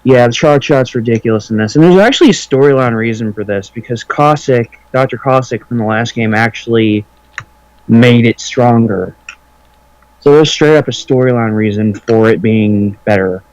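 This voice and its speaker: A man talks over a let's play in a loose, filler-packed ramble, cursing freely. His voice sits at an ordinary middle pitch. The sound is close and dry with no room echo. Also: normal speed, a little mellow. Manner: rambling, filler-heavy, profane. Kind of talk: casual gaming chat.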